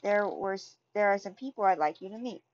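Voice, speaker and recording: A woman's voice: mid-range voice, brisk, natural voice. Woman voicing an eager ringmaster man, plain stop-start reading, dull lo-fi sound. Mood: excited. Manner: hesitant reading with restarts. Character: excited male circus ringmaster. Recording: dull lo-fi recording.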